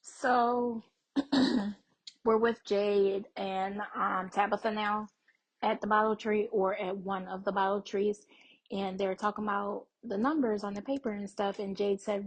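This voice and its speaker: A woman's voice: mid-range voice, steady tone, a little slow, breathy edge, low-quality recording. A young adult woman hosting a TV reaction video, chatting casually to her viewers and thinking aloud with plenty of fillers.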